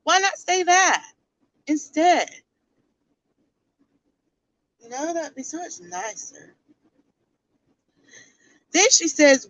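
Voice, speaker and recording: A woman's voice: very high-pitched, animated, takes it slowly, pauses often, fairly bright tone, no room sound, lo-fi sound. Blunt woman on a livestream. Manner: blunt, rhetorical questions to viewers. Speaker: livestream commentary host. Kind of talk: casual livestream commentary.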